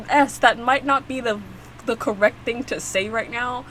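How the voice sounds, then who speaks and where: Young woman, reaction host, casual rambling chat, fillers and restarts, slightly high voice, faint background hiss. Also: measured pace, fairly bright tone, poor audio. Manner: chatty, rambling, frequent fillers and restarts, laughs often.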